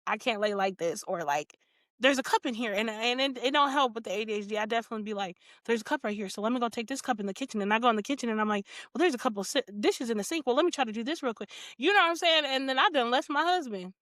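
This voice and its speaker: A woman hosting a podcast in casual chat, animated and laughing often, acting out little quotes. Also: a little high, very fast, no echo, studio quality. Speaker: podcast host.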